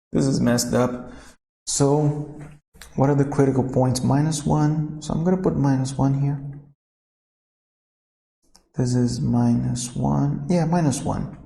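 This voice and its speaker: A man's voice: medium pitch, fairly even intonation, slow, creaky, long pauses, dark tone, reverberant. A man teaching a recorded math lesson, thinking aloud and correcting himself informally as he works.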